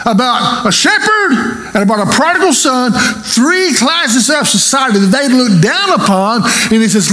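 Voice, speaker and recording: A man preaching a sermon as pastor, animated and asking the congregation questions. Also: extremely high pitch, moderate pace, reverberant, slight background noise, rough recording.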